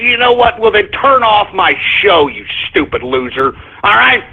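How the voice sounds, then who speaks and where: Husky, high-voiced man ranting on a tinny line. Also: big pitch swings, normal speed. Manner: profane, scornful ranting. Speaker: internet radio show host. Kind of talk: angry call-in radio rant.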